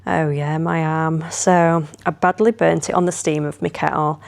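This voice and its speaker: A woman chats away casually to her viewers, rambling from one story to the next and turning lively whenever she retells a moment. Her voice sits on the low side for a woman and has a gravelly, creaky edge. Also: normal speed. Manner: chatty, rambling, animated when retelling. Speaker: vlogger. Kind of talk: casual vlog chat.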